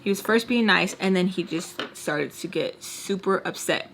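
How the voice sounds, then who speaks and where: A woman's voice: lowish voice, normal speed, gravelly, slight background noise. A young woman casually telling a personal story to her followers, candid and chatty, with lots of "like" and frank swearing. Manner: chatty and candid, heavy use of "like"; animated retelling, swearing freely. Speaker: storytime vlogger.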